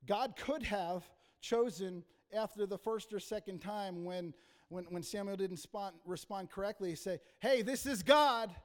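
A man preaching a passionate sermon as pastor, rising to loud emphasis and dropping to quiet asides. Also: high-pitched, fairly even intonation, measured pace. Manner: impassioned preaching, rising and falling in volume. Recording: reverberant hall.

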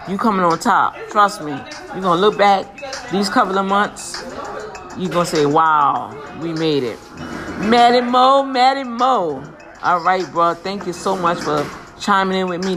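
Woman host, casual and preachy, upbeat shout-out delivery over a music bed. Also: on the low side. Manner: lively, preachy, slangy, blessing listeners. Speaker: podcast host giving shout-outs. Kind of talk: casual motivational talk. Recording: music playing behind.

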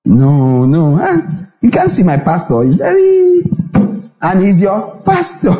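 Speaking slowly in a high-sitting voice, a Nigerian pastor delivers an animated sermon with repetition and acted-out exchanges. Soft music plays behind him, and the church hall recording is echoey and reverberant.

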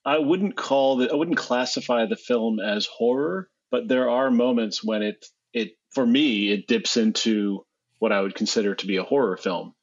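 A man co-hosting an interview, speaking in a thoughtful, measured way. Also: mid-range voice. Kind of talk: casual interview. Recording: dull lo-fi sound.

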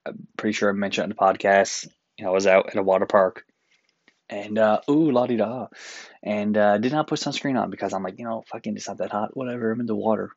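Exasperated and cursing, a Newfoundland man rants through a casual solo podcast from his apartment room. His pitch is fairly low, and the recording is dry and dull.

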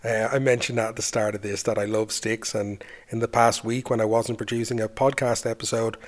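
A man's voice: fairly low pitch, little pitch movement, brisk. A man hosting a podcast, narrating a folk tale and then chatting reflectively about it. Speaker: folklore podcast host. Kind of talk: storytelling narration.

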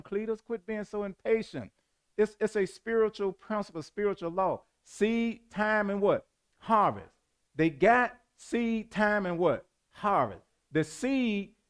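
A man preaching a sermon, calling for answers from the congregation and rising to emphatic bursts. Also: high voice. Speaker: pastor.

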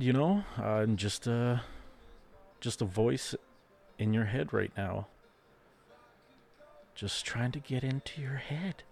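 A man's voice: medium pitch, vocal fry, a little mellow. A man hosting a solo podcast, rambling and swearing freely as he rants in frustration and asks himself questions. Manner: rambling, profane, frustrated ranting with self-questions; quotes imagined people in a raised voice. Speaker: podcast host. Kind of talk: casual solo podcast monologue.

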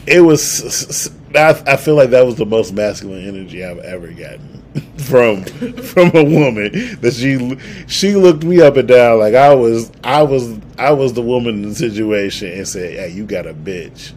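A man's voice: medium pitch, animated, normal speed, a little mellow, slight background noise. A young man co-hosting a podcast, telling stories in a laid-back way with frequent laughs and restarts. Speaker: podcast co-host. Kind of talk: casual chat.

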